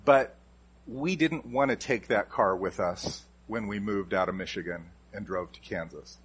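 A man delivers a sermon as a pastor. His voice is husky with a slightly breathy edge. He presses his points hard, repeating key lines and moving the stress from word to word. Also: fairly low pitch, a little slow. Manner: emphatic, repeats key phrases with shifting stress.

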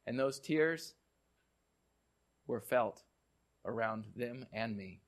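A man preaching a sermon in a mid-range voice and telling stories. He often repeats words as he speaks. He drops to soft, quiet tones for the serious parts. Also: medium pitch, animated, slow. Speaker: pastor.

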